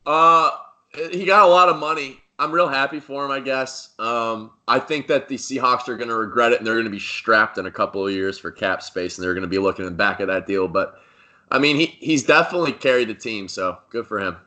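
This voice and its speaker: A young man co-hosting a casual sports podcast, talking excitably and rambling through restarts. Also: medium pitch, brisk. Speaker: podcast co-host.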